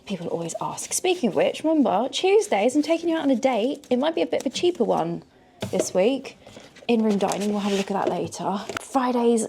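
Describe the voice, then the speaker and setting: A young English woman chatting playfully through a hotel room tour vlog, dropping into quiet murmured asides. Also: medium pitch. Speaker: vlogger.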